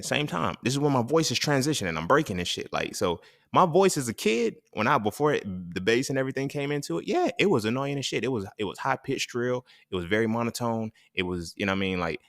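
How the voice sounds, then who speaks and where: A man's voice: deep voice, gravelly, fairly bright tone, dry recording, clean studio sound. A young adult man, hosting a candid solo monologue, raw and profane, reflective and laughing often. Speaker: podcast host.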